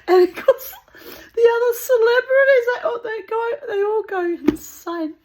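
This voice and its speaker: A woman's voice: extremely high pitch, normal speed, darkish tone. A woman telling a rambling, digressive anecdote in casual chat, breaking into laughter often. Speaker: channel host.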